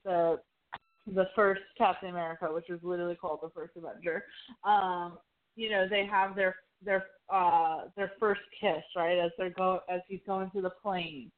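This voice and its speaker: Excitable woman gushing, tinny line. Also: mid-range voice. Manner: gushing, excitable, quoting scenes. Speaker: podcast co-host. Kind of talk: casual chat.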